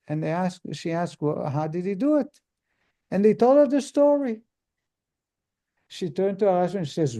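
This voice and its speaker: Mellow-voiced rabbi telling a story. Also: male voice, sits high, very animated, moderate pace, pauses often. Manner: acts out characters in the story, with frequent restarts and filler words. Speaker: rabbi teaching a Torah lesson. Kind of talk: storytelling in a lesson.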